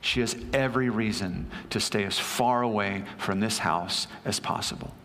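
A man's voice: fairly low pitch, moderate pace, fairly bright tone, in a large hall, slight background noise. A male pastor preaching a sermon, telling a story conversationally with asides to the congregation.

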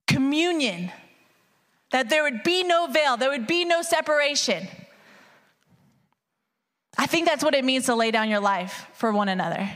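A woman preaches an energetic sermon in a high, bright voice. She is animated and hyped, calling the congregation y'all. Her voice rings through a long hall reverb. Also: moderate pace, long pauses.

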